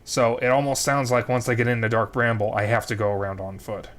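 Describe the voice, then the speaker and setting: A man's voice: medium pitch, little pitch movement, brisk, a bit bright. A young adult man streaming a game, recapping the story and planning his next moves aloud as he plays. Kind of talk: gameplay commentary.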